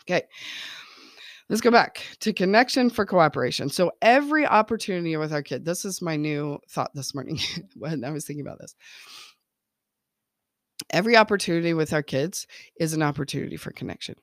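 Woman, parenting coach, casual talk, laughs often, vocal fry. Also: low voice, animated, fairly quick, long pauses, no echo, clean studio sound. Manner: chatty, laughs often, keeps checking in with "okay?" and "right?".

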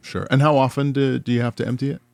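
A man's voice: medium pitch, steady tone, quick pace, creaky, a little mellow, no room sound. A man chatting casually on a podcast. He is blunt and laid-back and swears easily. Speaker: podcast co-host. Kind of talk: casual chat.

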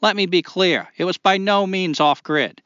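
A man's voice: high-pitched, normal speed, a bit bright, clean tone, no room sound, highs cut off, voice pushed up. A man reading a listener's letter aloud in a put-on Maine accent.

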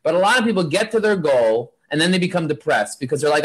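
A man talking as an interview guest in an energetic, preachy, motivational way, driving his points home with repeated lists. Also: on the high side, brisk, few pauses. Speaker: guest, marketing agency founder.

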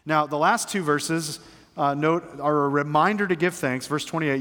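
Middle-aged male preacher, slightly high voice, earnest delivery, church hall with long reverb. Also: moderate pace. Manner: earnest preaching, swings from hushed to emphatic. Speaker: pastor. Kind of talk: sermon. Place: church sanctuary.

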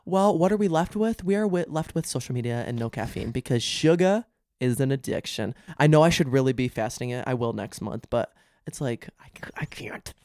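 A young man hosting a casual podcast chat, playful and jokey with quick asides. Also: medium pitch, animated, a little mellow, no room sound, studio quality. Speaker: podcast host.

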